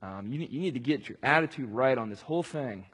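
A man's voice: medium pitch, lively intonation, fairly quick, a bit bright, slightly rough. A man preaching a conversational sermon, talking casually and rambling, with many fillers and restarts. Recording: long hall reverb.

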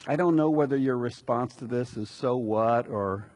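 A man delivering a conversational sermon as a pastor, relaxed and chatty with asides to the congregation. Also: mid-range voice, normal speed.

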